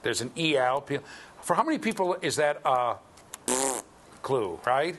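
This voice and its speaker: A man giving a university lecture, lively and joking as he quizzes his students. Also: mid-range voice, a little slow, slight background noise. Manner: lively, jokey, quizzes the class. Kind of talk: classroom lecture. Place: lecture hall.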